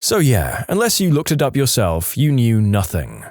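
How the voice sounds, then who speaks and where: A man narrating reader-submitted stories in a scripted, expressive way, slowing down to land punchlines. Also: medium pitch, dry recording, studio quality. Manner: expressive, slows down to stress punchlines. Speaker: storytime narrator.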